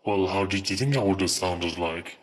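A stern, dry God with a very low voice who scolds calmly, put on by a young man in a comedy sketch. He talks evenly and corrects people with little fuss. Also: normal speed, reverberant, close to an everyday voice. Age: teen.

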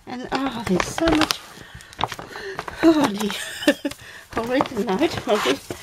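Opening a parcel for her video audience, a middle-aged woman thinks out loud and exclaims along the way in casual unboxing talk. Her voice is high-pitched and animated, and her pace is slow. The home recording is noisy.

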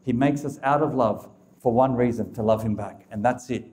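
A man's voice: medium pitch, moderate pace, mellow. A man giving a preaching talk to a live audience, emphatic and repetitive, addressing listeners directly. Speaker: speaker of a religious talk.

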